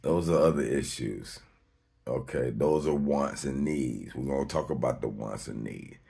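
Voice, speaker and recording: A man's voice: a little slow, vocal fry, warm tone, husky. A man hosting his own video, talking off the cuff in a slangy, emphatic way, swearing freely and laughing between points. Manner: emphatic, slangy and rambling, with sudden high-pitched outbursts. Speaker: video host. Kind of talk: unscripted monologue to camera.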